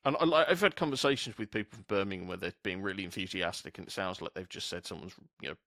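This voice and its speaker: Sweary British podcast host, rambling chatter, dry close mic. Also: male voice, low voice, fast, a bit bright, dry recording. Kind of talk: casual chat.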